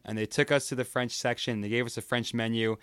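A man's voice: medium pitch, steady tone, fast, fairly bright tone, smooth, no echo, studio quality. A man telling stories as a guest on a casual podcast chat. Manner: chatty storyteller with restarts.

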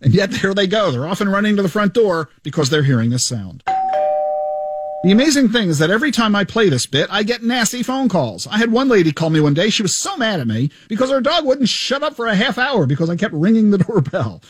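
A man hosts a radio show with a bright, high voice that leaps up and down as he tells his stories. The studio sound is dry and close, and he jokes his way through each anecdote. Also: brisk, breathy edge, no echo. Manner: animated, joking storyteller. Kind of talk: radio show retrospective monologue. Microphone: studio microphone.

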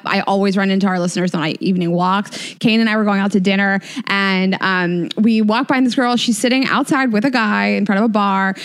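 A woman co-hosting a podcast, chatting casually and telling stories in an animated way. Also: medium pitch, fairly quick, few pauses, clean tone. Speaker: podcast co-host. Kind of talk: casual chat.

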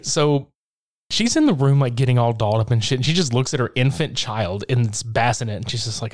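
A man's voice: mid-range voice, lively intonation, darkish tone. Laughing, profane man recapping a film. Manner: profane, laughing, acts out scenes in quick impressions. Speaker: podcast co-host recapping a film. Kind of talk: casual chat.

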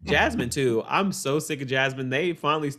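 Sassy, animated man gossiping. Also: fairly high pitch, normal speed, slight background noise. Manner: animated, sassy, quotes people in a mocking voice. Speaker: podcast co-host. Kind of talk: casual reality-TV chat.

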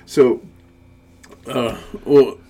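A man's voice: mid-range voice, drawn-out words, gravelly, warm tone, slight background noise. A man co-hosting a podcast in casual chat, reminiscing and quoting old TV shows. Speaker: podcast co-host.

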